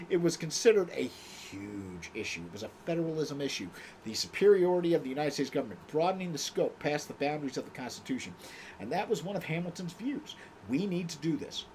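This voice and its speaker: A man spins history on a livestream in a loose, profane, wisecracking way. His pitch swings widely as he tells the story. A faint hiss sits under his voice. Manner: profane, animated, jokey storytelling with mock quotes. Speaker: livestream host.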